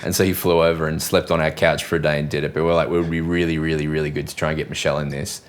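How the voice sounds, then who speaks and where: Deep-voiced rambling Australian man. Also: flat delivery, very fast, slight background noise. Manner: rambling, sweary storytelling. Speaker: comedian. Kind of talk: casual chat.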